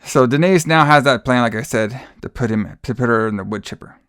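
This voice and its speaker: A man's voice: mid-range voice, fairly quick, a bit bright, smooth, no room sound, clean studio sound. A man co-hosting a podcast, recapping a film in casual, exasperated, profane chat with frequent sighs. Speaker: podcast co-host.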